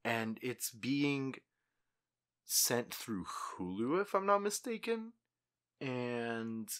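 A man's voice: mid-range voice, lively intonation, extremely slow, fairly bright tone. A young man co-hosting a podcast, chatting casually and swearing now and then. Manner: laid-back, swears casually. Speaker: podcast co-host. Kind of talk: casual chat.

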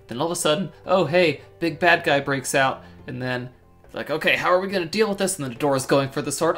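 A podcast co-host in casual discussion, playful and retelling scenes in quick bursts. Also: medium pitch, a bit bright, faint music behind.

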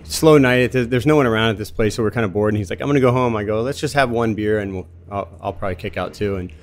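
Low-ish voiced guy in his 50s from florida, laid back, just chatting and telling stories. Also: quick pace. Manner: relaxed and chatty, laughs easily while telling anecdotes. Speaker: guest. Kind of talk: casual conversational storytelling.

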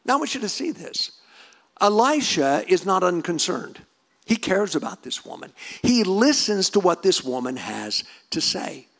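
A male pastor preaching a sermon, building to fervent, near-shouted emphasis. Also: sits high, very animated, measured pace, gravelly.

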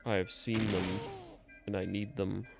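A man giving casual live commentary as he plays a game, reacting out loud, swearing freely and talking back to the game. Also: on the low side, level tone, unhurried, gravelly, over loud music. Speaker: streamer.

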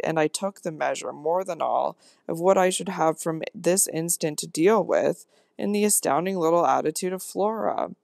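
An audiobook narrator reading a classic novel aloud in a measured, intense first-person manner. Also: mid-range voice, gravelly, no echo, studio quality.

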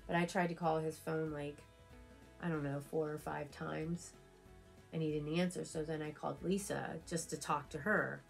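Her voice is low and gravelly, with fairly even intonation at a normal speed, and faint music plays behind her. The woman, a beauty vlogger, chats while getting ready, sharing an emotional personal story riddled with fillers and repeats.

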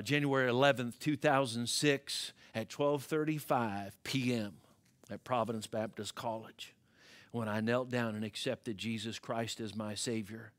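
A male pastor with an American accent, preaching a sermon and swinging from hushed, low passages to loud, climbing ones. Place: church sanctuary.

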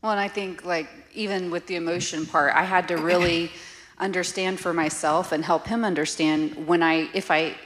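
Middle-aged woman co-teaching a marriage class, low-ish voice, open and lively. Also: moderate pace. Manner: candid, animated, laughs easily. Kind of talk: conversational church class teaching.

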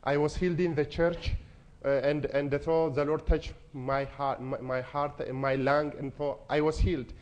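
Earnest young man, slightly high voice, giving a heartfelt testimony. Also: level tone, moderate pace, darkish tone, muffled recording. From Ethiopia. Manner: earnest, emotional storytelling. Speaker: speaker. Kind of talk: personal testimony.

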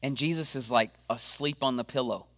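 Male pastor, middle-range voice, lively and encouraging video sermon, dry recording. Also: mid-range voice, normal speed, dry recording. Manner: energetic, encouraging, acts out quoted voices.

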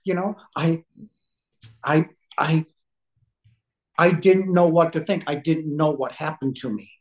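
A man's voice: a little high, reverberant, poor audio. Middle-aged guy on a podcast, choked up and teary, stops and restarts a lot while he talks. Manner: tearful, voice breaking, halting restarts. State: emotional, near tears. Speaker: podcast guest. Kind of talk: emotional personal storytelling.

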